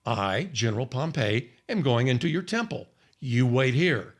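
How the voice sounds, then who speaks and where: A man's voice: mid-range voice, expressive, moderate pace, natural voice. A man voicing a haughty Roman general in a blunt, dismissive tone within his teaching. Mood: commanding.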